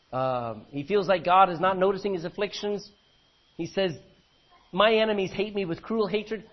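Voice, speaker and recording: Husky high-voiced man preaching a sermon. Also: dull audio. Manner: reads scripture verse by verse, then explains with questions to the congregation. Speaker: pastor. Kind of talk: expository sermon reading scripture.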